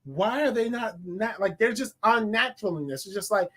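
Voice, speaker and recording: A man giving a casual, animated movie review, laughing often and talking in loose slang. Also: high-pitched, moderate pace. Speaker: film reviewer.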